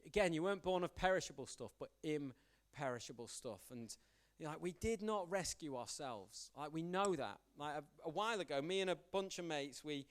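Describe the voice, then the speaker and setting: A man's voice: a little high, normal speed. A young man preaching a casual sermon, telling stories and acting out the dialogue in them. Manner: storytelling, animated, acts out quoted dialogue, self-deprecating. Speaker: youth pastor preaching. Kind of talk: conversational sermon with anecdotes.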